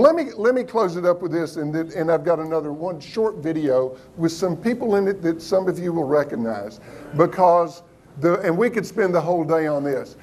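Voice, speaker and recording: Male business speaker with a high voice, motivational and punchy with the crowd. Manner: lively, engaging, questions the audience. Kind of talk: motivational talk to a live audience.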